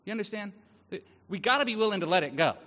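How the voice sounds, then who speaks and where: A man's voice: high-pitched, expressive, fast, sharp tone. A man in his thirties preaching a casual, joking sermon as pastor, chatting with the congregation. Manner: joking, conversational, acts out quoted voices. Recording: dull sound with long hall reverb.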